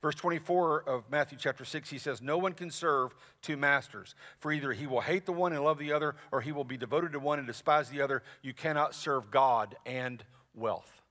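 A man preaching a sermon as pastor, in a conversational, animated way with asides to the congregation. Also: fairly high pitch, brisk, few pauses. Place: large church sanctuary. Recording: long reverb of a church hall.

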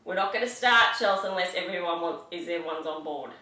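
A woman's voice: lowish voice, fast, pushed and bright. Aussie fitness lady counting reps, cheery and encouraging, bouncing off a roomy studio. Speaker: fitness instructor. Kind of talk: live workout coaching. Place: home studio. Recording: echoey room, mic at a distance.

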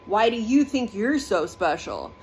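A woman's voice: medium pitch, big pitch swings, a little slow, a little mellow, a little hiss or hum. A woman voicing the devil as a sneering tempter who belittles and mocks. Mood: scornful. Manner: mocking, belittling.

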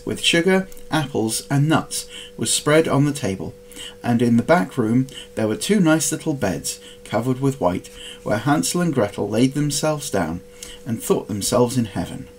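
A man reading a storybook aloud in an expressive, dramatic way. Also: mid-range voice, slight background noise, poor audio. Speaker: storybook reader.

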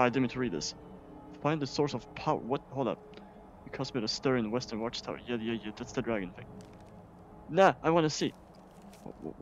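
A man from Sweden giving casual, excitable gameplay commentary as a streamer, swearing often. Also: medium pitch, dull audio. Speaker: gaming streamer.

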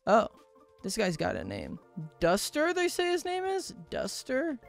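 A man's voice: extremely high pitch, measured pace, creaky, no room sound. A man commenting casually as he plays through a game, yelping and laughing at what he sees. His voice jumps around a lot. Faint game music plays under him. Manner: animated, yelps and laughs, swears in surprise. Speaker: gaming YouTuber. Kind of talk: let's play commentary.

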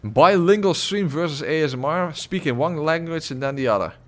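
A man whose first language is Dutch, streaming a game live, reading chat and reacting loudly with jokes. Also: fairly high pitch, lively intonation, fairly quick.

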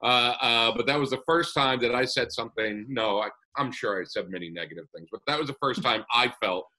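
A man's voice: medium pitch, fairly quick, pushed and bright, rough recording. A man casually telling a personal story as a podcast guest, full of "uh" fillers and little chuckles. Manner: rambling with many "uh" fillers and chuckles.

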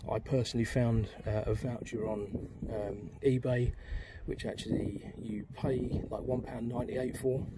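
A man's voice: medium pitch, little pitch movement, a little slow, hardly any pauses, very noisy. Chatty man with filler words. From United Kingdom. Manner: chatty, lots of ums and fillers. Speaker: vlogger demonstrating an install. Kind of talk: casual how-to talk. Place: outdoors by a motorbike.

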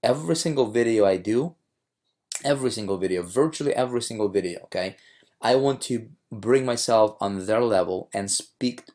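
Hoarse guy coaching about marketing videos, lowish voice, lots of "you know"s. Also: moderate pace, darkish tone. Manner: rambling, many fillers and restarts. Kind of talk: casual commentary on his own videos.

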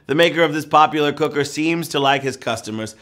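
A man hosting a live trivia game show, playful and joking, with loud whoops. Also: fairly high pitch, brisk.

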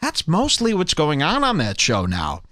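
A man's voice: on the high side, wildly swooping pitch, moderate pace, a bit bright, no echo. A man hosting a podcast, delivering a sarcastic, mock-preachy comedic rant in a close, dry studio recording. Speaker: podcast host. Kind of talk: ranting comedic monologue.

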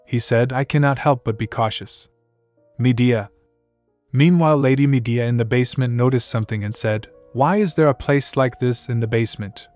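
A man narrating a drama recap in a mid-pitched, steady voice. He reads every character's lines in the same plain tone without putting on voices. The recording is dry and close, with soft background music. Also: normal speed, no room sound. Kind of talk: scripted story narration.

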